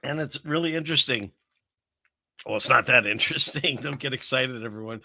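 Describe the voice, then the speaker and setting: An older man chats on his live stream in a gravelly voice with plenty of fry. His tone is sharp and bright, and the sound is close and dry. He rambles, pokes fun at himself and restarts his sentences often. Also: medium pitch, a little fast, no room sound. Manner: rambling, self-mocking, lots of fillers and restarts. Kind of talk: casual live stream chat. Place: small upstairs room above a fireplace.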